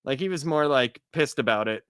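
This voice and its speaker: A man chatting as a podcast guest, telling stories in a profane, animated way. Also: mid-range voice, fairly quick, clean tone, no room sound. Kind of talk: casual podcast chat.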